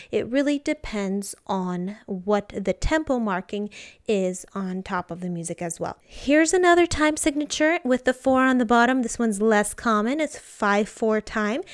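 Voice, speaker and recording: A woman's voice: fairly high pitch, smooth. Woman teaching music theory, counting beats. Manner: patient, counts beats aloud and claps along. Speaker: piano teacher.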